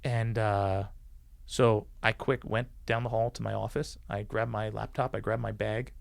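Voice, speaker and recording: Guy with a gravelly voice telling a war story on a podcast, swears a lot, dry close sound. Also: fairly low pitch, measured pace, no echo. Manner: animated, acts out quoted dialogue; swears freely. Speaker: podcast guest, former police officer. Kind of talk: casual storytelling.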